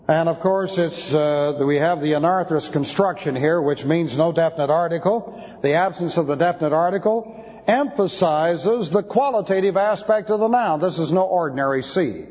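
A man's voice: a little high, normal speed, darkish tone. A man teaching an expository sermon, spelling out Greek words letter by letter. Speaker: Bible teacher. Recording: dull lo-fi sound with long hall reverb.

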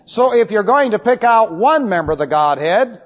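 A man's voice: high-pitched, animated, normal speed. A man pastor giving an expository Bible lesson to his congregation, emphatic and wry with scornful asides. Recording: muffled old recording in a reverberant hall.

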